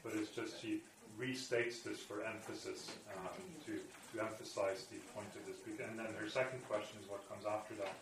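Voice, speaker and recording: A man's voice: fairly low pitch, flat delivery, moderate pace, few pauses, background noise. A man teaching a class and reading scripture aloud, explaining it with many fillers and restarts. He is recorded from a distance in a room with students. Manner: reads passages aloud, then explains them. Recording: echoey room, voice far from mic, faint ambience.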